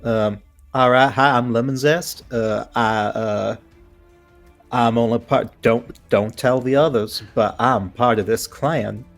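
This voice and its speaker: A man voicing a sly young male kobold cult heir in a put-on Southern American accent, halting and hushed. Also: medium pitch, steady tone, soft background music.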